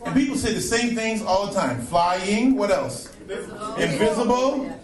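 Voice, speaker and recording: A man performing stand-up comedy, animated and breaking into impressions of other voices. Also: sits high, normal speed. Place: comedy club stage. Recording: roomy live club sound from a distance with loud crowd. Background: audience laughing.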